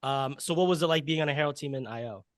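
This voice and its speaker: A man's voice: fairly high pitch, fast, no room sound. A man hosting a podcast interview, asking questions with many hesitant fillers and supportive remarks. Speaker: podcast host. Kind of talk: casual interview.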